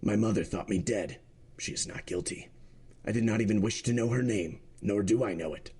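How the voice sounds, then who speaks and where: A man's voice: fairly low pitch, brisk, dark tone, husky. Man doing a bitter young criminal on trial. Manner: bitter, defiant. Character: bitter young male criminal defending himself in court.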